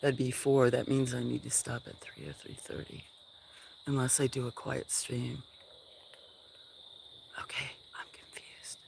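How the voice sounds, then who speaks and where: A woman on a casual farm livestream, chatting with viewers and talking softly to her animals. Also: rumbling low, little pitch movement, normal speed, gravelly. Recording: outdoor noise with chirping crickets. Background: crickets and insects.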